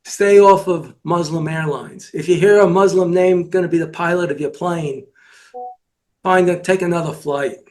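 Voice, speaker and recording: A man with a notably high-pitched voice chats casually as co-host. He strings together anecdotes and lists of names. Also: fairly even intonation, normal speed, a little mellow. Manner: anecdotal, lists names, retells old jokes. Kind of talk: casual chat.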